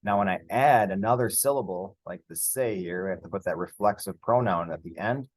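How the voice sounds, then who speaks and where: A man teaching Spanish grammar over slides, relaxed and conversational, with frequent fillers and restarts. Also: fairly low pitch, fairly quick, no echo, rough recording.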